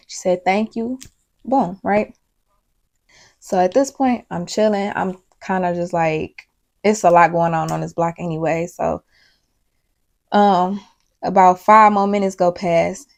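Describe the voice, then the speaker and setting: A young woman tells her viewers a personal story. Her voice is gravelly, and her delivery is rambling and emotional. She keeps to a casual, chatty tone. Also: fairly low pitch, darkish tone. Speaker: storyteller vlogger.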